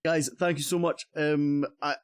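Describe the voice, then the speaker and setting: A man's voice: a little high, flat delivery, a little slow, smooth, no room sound, studio quality. A man with a Scottish accent hosting a casual gaming stream, chatty and cheerful, often restarting his sentences. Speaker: streamer host.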